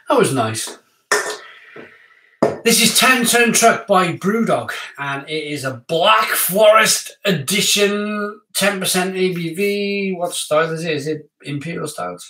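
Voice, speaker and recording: Excitable man, chatty beer reviewer. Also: high-pitched, slow, long pauses, recorded from a distance. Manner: chatty, excitable, talks to viewers. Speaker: beer reviewer hosting a live stream. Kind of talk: casual live-stream chat. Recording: echoey room, off-mic.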